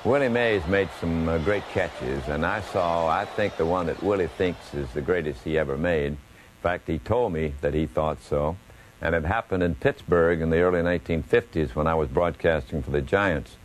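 An older man, a baseball broadcaster, telling stories from his career at an unhurried pace. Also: deep voice, poor audio. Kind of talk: reminiscing storytelling.

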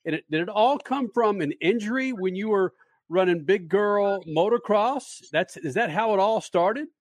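The dry, close sound of a male radio host, his voice sitting a little high as he jokes his way through a studio chat. He leads a casual interview and keeps the banter going. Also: expressive, moderate pace, no echo. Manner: jokey, plays up interviews.

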